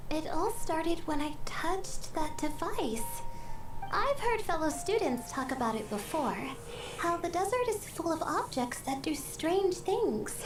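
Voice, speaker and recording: A woman's voice: high voice, far from the mic, noisy background. An actress voicing a shy, sleepy young female scholar in game dialogue who turns hesitant and stammers when flustered. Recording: game audio under music.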